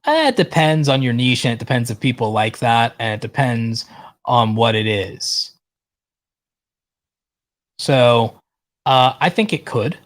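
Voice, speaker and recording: A man's voice: medium pitch, unhurried, long pauses. A man hosting a livestream, reading viewer questions aloud and answering them in a direct, casual way. He says he is losing his voice. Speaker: livestream host.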